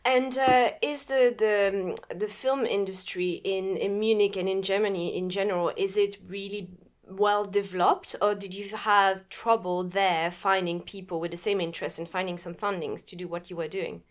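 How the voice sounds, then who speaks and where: A woman's voice: mid-range voice, steady tone, normal speed. A woman with a French accent hosting a podcast, reading promos and interviewing a guest in an upbeat, cheerful way. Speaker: podcast host.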